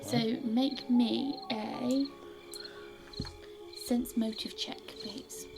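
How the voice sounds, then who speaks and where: Woman, game master, narration, slightly high voice, hushed descriptions, music behind. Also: steady tone, extremely slow, gravelly. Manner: descriptive, dropping to a hush for suspense.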